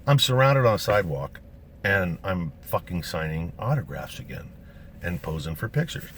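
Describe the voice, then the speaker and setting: Deep-voiced man telling a profane story. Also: moderate pace, a little hiss or hum. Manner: profane, swears constantly; animated, acts out quotes of other people. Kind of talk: casual true-story storytelling.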